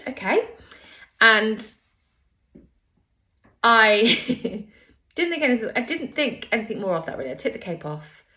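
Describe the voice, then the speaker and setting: Woman, low voice, candid, emotional, personal storytelling. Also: pushed and bright.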